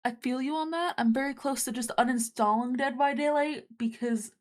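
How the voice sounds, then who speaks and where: A young woman chatting casually as a guest on a stream, agreeable and relaxed. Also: high-pitched, moderate pace. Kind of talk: casual chat.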